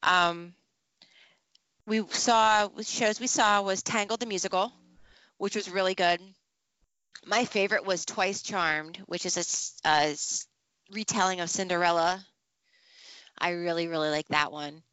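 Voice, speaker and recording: A woman chatting casually as a podcast co-host, telling stories with lively acted-out reactions. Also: on the low side, unhurried, pauses often, clear, resonant tone, no echo. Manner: animated storytelling, acts out her own reactions. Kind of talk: casual chat. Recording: dull, slightly lo-fi dry sound.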